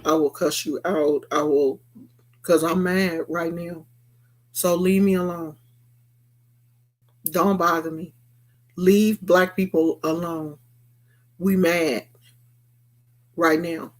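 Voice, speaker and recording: A woman vlogger delivering a blunt, repetitive rant to her viewers. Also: on the low side. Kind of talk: emphatic rant to camera.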